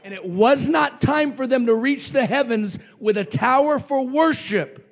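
High, gravelly-voiced preaching man. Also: unhurried. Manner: impassioned, shouting, calls for congregation response. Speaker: pastor. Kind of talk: revival sermon.

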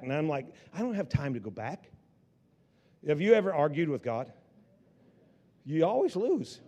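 A man's voice: on the high side, a little mellow. A man preaching a sermon with passion, often stumbling and restarting his phrases. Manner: impassioned preaching with many restarts. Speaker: pastor. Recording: long hall reverb.

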